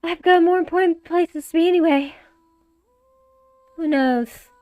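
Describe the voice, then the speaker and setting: A woman's voice: extremely high pitch, unhurried, no room sound, dull audio. Giggly young woman playing a text game. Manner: giggly, self-mocking. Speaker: gaming streamer. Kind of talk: reading and reacting to a text game.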